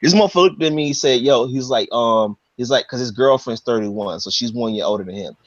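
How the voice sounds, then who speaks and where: A man's voice: mid-range voice, brisk, no room sound. A man recounts a story in a loose, fired-up way, swearing freely and tripping over his own restarts. The audio is dry and a bit dull. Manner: animated, profane storytelling with many restarts. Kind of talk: casual chat.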